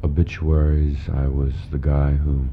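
A man recalling his early working life in a hotel room, with a measured, halting delivery. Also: a bass voice, monotone, dull audio. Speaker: radio humorist, interview guest. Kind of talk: reflective reminiscence in an interview. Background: traffic noise outside.

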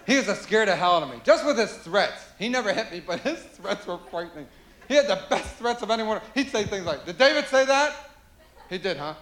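A man performing a stand-up comedy routine, animated and shouting impressions of his parents, with audience laughter. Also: high voice, brisk. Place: live comedy venue. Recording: echoey live room with noise.

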